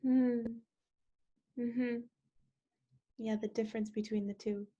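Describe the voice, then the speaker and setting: Woman host, husky and flat, brief slow interjections. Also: fairly high pitch, dull audio. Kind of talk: interviewer backchannel.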